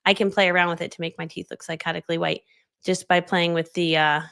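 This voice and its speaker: A woman's voice: on the low side, flat delivery, fast talker, vocal fry, a bit bright, clear, resonant tone, no room sound. A middle-aged woman hosting a live coaching stream, chatty and bubbly, laughing often and reading out viewer comments, close on a studio microphone. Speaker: business coach hosting a livestream. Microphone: studio dynamic microphone.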